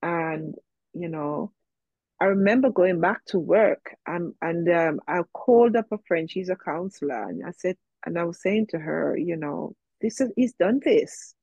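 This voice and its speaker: A woman's voice: lowish voice, measured pace, a little mellow, breathy edge, no room sound, lo-fi sound. A woman guest in an interview, telling a personal story in a reflective way, with many fillers, and quoting herself and others.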